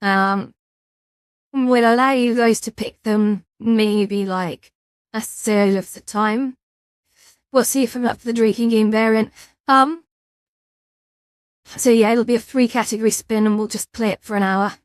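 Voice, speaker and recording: A woman streams at the end of a long session, tired and yawning, chatting in a rambling way with many restarts. Her voice sits a little high. The sound is dry and close, with no room echo. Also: steady tone, unhurried, long pauses, smooth. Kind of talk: casual chat.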